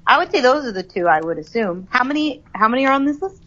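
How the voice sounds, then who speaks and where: A woman with a New York accent chatting on a podcast, lively and joking, swearing casually. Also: sits high, fast, highs cut off. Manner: lively, swears freely, jokey. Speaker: co-host.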